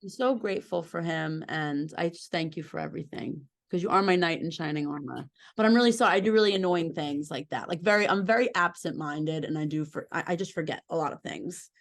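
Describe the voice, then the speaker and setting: The host's wife, appearing as a podcast guest, has a low, gravelly voice and talks briskly with few pauses. In casual chat she tells rambling, self-deprecating stories and laughs at herself.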